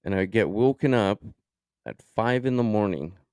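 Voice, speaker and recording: A man with a low, gravelly voice tells a personal story in a loose podcast chat. He is animated and profane, jumping into quoted lines as he goes. The room sounds close and dry. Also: normal speed, no echo. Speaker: podcast co-host.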